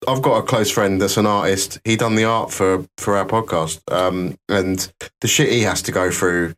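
Brit male co-host, low-pitched, dry humour, steady argumentative chat. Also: moderate pace. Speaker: podcast co-host, works in IT. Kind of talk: casual podcast debate.

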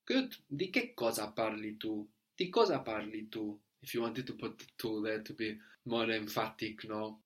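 In a fairly low voice, a man gives a language lesson, patiently prompting his student. He spells words out letter by letter and often checks in with a quick "no?".

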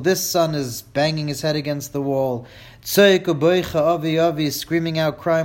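Man, fairly high voice, teacher, reads Hebrew then translates, dramatic, wry. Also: fairly even intonation, normal speed. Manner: wry, jokes with listeners. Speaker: Torah teacher. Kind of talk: translating and explaining a Hebrew text to a class.

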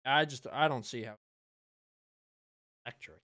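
A man co-hosting a podcast, talking through sports bets in a relaxed, loose way with frequent fillers. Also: medium pitch, a little slow, no echo, studio quality. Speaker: podcast co-host. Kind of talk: casual sports betting chat.

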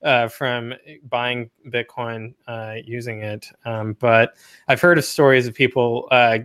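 Male co-host, tense bright tone, wry joker in relaxed talk. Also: medium pitch, smooth. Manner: quick, wry, laughs while talking. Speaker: podcast co-host. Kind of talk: casual chat.

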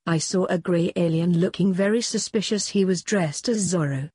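A woman reading a story aloud, voicing a blunt teenage girl who is an apprentice agent, in a husky, offhand way. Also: on the low side, normal speed, mellow, no room sound, studio quality.

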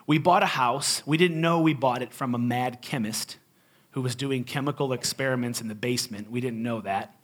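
A male pastor preaching in a conversational storytelling style, animated and joking, with emphatic swings between loud and quiet. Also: mid-range voice, brisk. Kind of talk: storytelling sermon.

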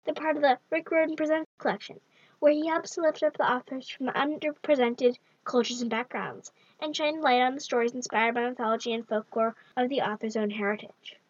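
A woman with a high voice talks through a favorite book in a chatty, upbeat vlog. The recording is dull and lo-fi, and the room is dry with no echo. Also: fairly even intonation, fairly quick. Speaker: book reviewer. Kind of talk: casual book review vlog.

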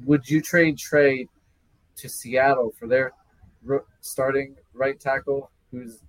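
Relaxed man chiming in on sports. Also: medium pitch, slow, no echo, low-quality recording. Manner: relaxed, chimes in with short questions. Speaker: sports show co-host. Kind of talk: casual live sports chat.

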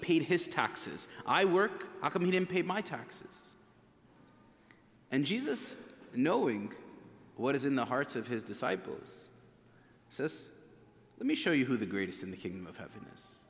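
Man, thirties, priest, sermon, animated storyteller, long church reverb. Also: lowish voice. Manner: animated storytelling, acts out voices in quotes.

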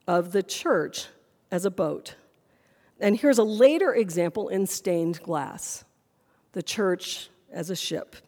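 A woman's voice: mid-range voice, dark tone, big-room sound. A woman pastor preaching a sermon in a church sanctuary, earnest and full of questions.

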